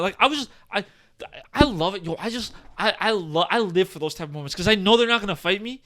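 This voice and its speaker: A man's voice: sits high, lively intonation, quick pace, a bit bright. A man in his twenties co-hosting a casual podcast, telling stories with lots of fillers and swearing. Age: 20s. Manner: rambling, profane, filler-heavy storytelling. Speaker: podcast co-host. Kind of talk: casual chat.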